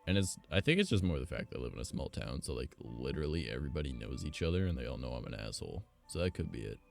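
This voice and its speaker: A man's voice: rumbling low, expressive, fast talker, creaky. A man streamer telling stories in casual chat, rambling, blunt and profane. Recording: faint background music.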